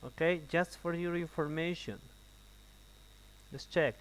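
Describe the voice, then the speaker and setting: A man's voice: a little high, poor audio. Man teaching English. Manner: explains slowly, repeats in Spanish. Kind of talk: classroom explanation, switching to Spanish.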